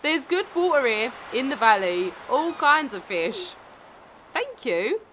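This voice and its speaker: A woman's voice: sits high, sing-song, slow pace, noisy background, heavily acted. A woman voicing a jolly old fisherman in a put-on pirate voice for a game. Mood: gruff jolly. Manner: gruff pirate voice.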